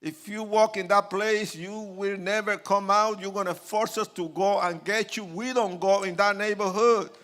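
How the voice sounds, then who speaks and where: A man's voice: sits high, steady tone, normal speed, few pauses. An older man from Puerto Rico telling his life story dramatically to an audience, acting out quoted lines and joking with listeners. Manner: acts out quoted lines, swings from hushed to loud; jokes with the audience. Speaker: speaker giving his testimony.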